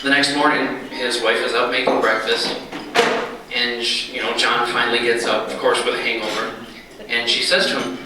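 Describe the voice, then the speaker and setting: A man's voice: medium pitch, flat delivery, crowd noise. Man telling a folksy joke in an echoey hall. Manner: folksy, halting storyteller. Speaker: speaker at a retirement dinner. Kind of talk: after-dinner speech with a joke. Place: large banquet hall, indoors. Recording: echoey banquet hall from far off.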